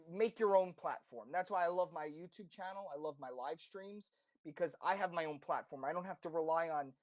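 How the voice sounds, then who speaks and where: A man with a slight accent, a podcast guest giving impassioned, rambling advice with many restarts and self-corrections. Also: a little high. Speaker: interview guest. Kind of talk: casual podcast interview.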